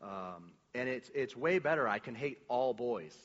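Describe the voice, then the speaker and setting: Guy giving a testimony at church, bright forceful voice, rambly with lots of restarts, big echoey hall. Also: medium pitch, measured pace, slight background noise. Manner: rambling storytelling with many restarts and filler words; animated, acts out quoted lines. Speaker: church speaker sharing a testimony. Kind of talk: personal testimony to a congregation. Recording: dull recording with long hall reverb.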